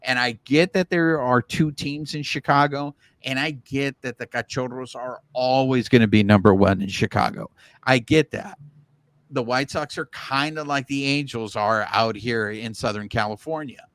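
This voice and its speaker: A man talks baseball in a loose, animated way, circling back and restarting his thoughts as he goes. His voice sits at an ordinary middle pitch. The sound is dry and close, with no room echo. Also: normal speed. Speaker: podcast co-host. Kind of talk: casual sports chat.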